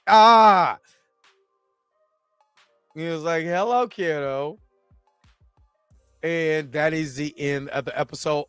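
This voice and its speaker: A man's voice: a little high, smooth, no echo, clean studio sound. A man hosting a casual TV episode review, rambling loosely and acting out the characters' lines with bursts of laughter. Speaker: TV review host. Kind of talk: casual video review with reenacted quotes.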